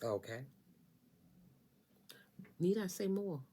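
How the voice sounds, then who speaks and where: A woman's voice: fairly low pitch, sing-song, takes it slowly, warm tone, slight background noise. A woman giving a casual tarot reading, talking straight to the listener in an emphatic, sassy way and repeating phrases for effect. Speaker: tarot reader.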